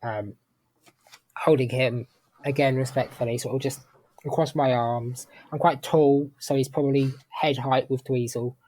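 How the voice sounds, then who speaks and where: A man playing a tabletop game who describes his character's actions in a measured way. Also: mid-range voice, fairly even intonation, darkish tone, poor audio. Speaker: player. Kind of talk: casual tabletop game play.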